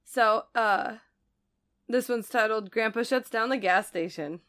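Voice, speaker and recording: A woman's voice: fairly high pitch, unhurried, fairly bright tone. A woman co-hosting a casual chat show, reading a listener's story aloud and laughing often. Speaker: podcast co-host reading listener stories.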